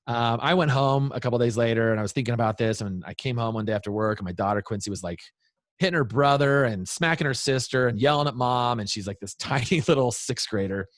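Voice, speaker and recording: Earnest dad type giving parenting advice in an interview, animated, medium pitch, dry close sound. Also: male voice, fast, no room sound. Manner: earnest, animated, acts out quoted voices. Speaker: guest, parenting speaker. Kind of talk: interview storytelling.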